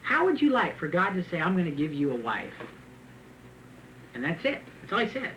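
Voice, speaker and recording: A man preaching a sermon, reading scripture and then retelling it in a joking, animated way with frequent laughs. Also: high voice, normal speed, slight background noise, rough recording. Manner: animated, joking, laughs often at his own asides; reads scripture aloud and then retells it in plain talk. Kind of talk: sermon with Bible reading and commentary.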